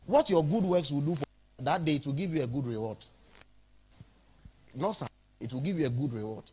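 A man with a Ghanaian accent preaching an animated sermon in a church, switching between English and Twi. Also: fairly high pitch, fairly quick, breathy edge.

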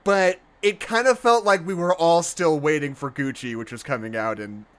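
A man's voice: a little high, normal speed, a bit bright. A man in casual podcast chat about movies, talking loosely and laughing often. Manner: chatty, laughs often, quotes people in put-on voices. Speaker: podcast co-host.

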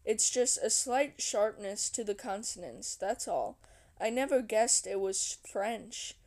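A woman's voice: medium pitch, takes it slowly, darkish tone. Woman reading as a timid young male interviewer. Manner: hesitant, polite questioning. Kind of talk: reading a novel aloud.

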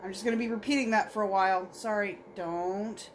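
A woman hosting a podcast, giving casual, chatty reactions as she watches a movie, urging the screen on and coaxing the characters to stay calm. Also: medium pitch, a little fast, a little hiss or hum, poor audio.

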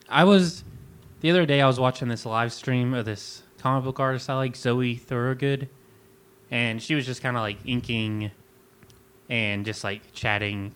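Man, smooth clear voice, podcast co-host, relaxed chat. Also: mid-range voice. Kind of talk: casual music chat.

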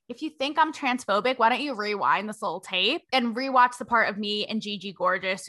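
A young woman reporter hosting her own show, talking to camera in a sarcastic, animated way and laughing between points. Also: fairly high pitch. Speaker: reporter and host. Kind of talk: opinionated talk to camera.

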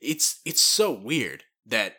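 A man's voice: mid-range voice, sing-song, takes it slowly, bright, forceful tone. A man co-hosting a casual podcast at his home, chiming in with short jokes. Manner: laid-back, chiming in with jokes. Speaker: podcast co-host. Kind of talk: casual chat. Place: living room at home.

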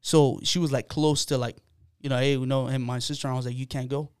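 In a casual podcast conversation, a male guest with a clear, smooth voice recounts something from his own life, sincere and relaxed, filling his speech with ums and likes. His pitch sits in the middle, his tone stays level, and he talks quickly. The audio is close and dry, with hardly any room reverb.

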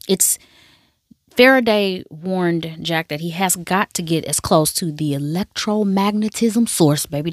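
Animated woman recapping a TV show. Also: lowish voice, dry recording, studio quality. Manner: animated storytelling, acts out characters' lines, calls listener "baby". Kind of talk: casual show recap and commentary.

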